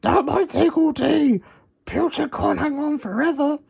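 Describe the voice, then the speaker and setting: A man reading a children's storybook aloud and voicing a loud, pushy talking digger machine. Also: very high-pitched, a little slow, gravelly, voice pushed up, heavily acted. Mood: alarmed. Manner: roaring, pushy. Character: gruff eager digger machine, bossy.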